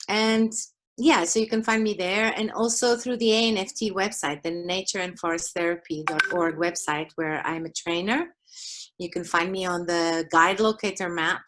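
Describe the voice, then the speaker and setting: A woman guest on a video call, talking slowly and calmly with thoughtful pauses. She explains her work in a gentle, measured way. Her voice sits at an ordinary middle pitch. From Portugal. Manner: slow, calm and reflective, with pauses. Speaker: forest therapy guide and trainer.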